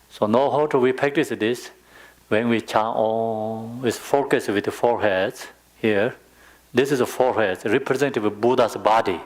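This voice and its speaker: Slow, low-voiced man teaching meditation. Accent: Tibetan. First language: Tibetan. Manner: slow, patient, non-native phrasing with many fillers. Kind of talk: dharma teaching.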